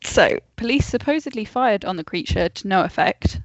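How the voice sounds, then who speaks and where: A woman co-hosts a podcast and reads legend notes aloud in a relaxed, chatty way. Her voice sits at an average pitch and sounds dry and close. The sound is dull and lo-fi, as over a video call. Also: moderate pace, no room sound. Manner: reads facts, laughs off interruptions. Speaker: podcast co-host telling the story.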